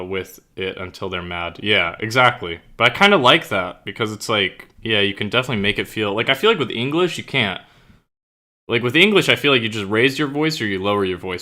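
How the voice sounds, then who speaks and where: Young guy streamer chatting w his viewers, kinda low but bright voice, lots of likes and swearing. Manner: rambling, filler-heavy, swears casually. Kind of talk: casual chat with live chat. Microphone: own streaming mic.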